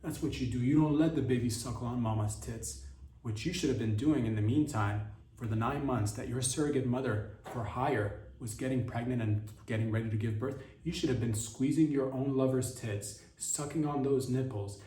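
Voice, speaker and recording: A man's voice: medium pitch, normal speed, dark tone. A man hosting a comedy podcast in a rambling, provocative monologue, often cutting himself off and restarting. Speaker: podcast host. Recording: roomy echo.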